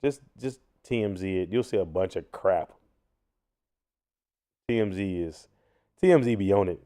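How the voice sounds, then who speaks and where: A young man hosting a casual news commentary stream, loud and mocking, with a slangy delivery. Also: sits low, moderate pace. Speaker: host.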